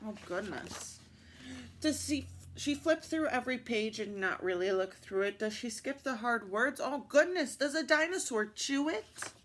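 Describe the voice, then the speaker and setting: A woman reading picture books aloud at story time, expressive and adding little asides to her listeners. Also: on the high side, moderate pace, few pauses, slight background noise.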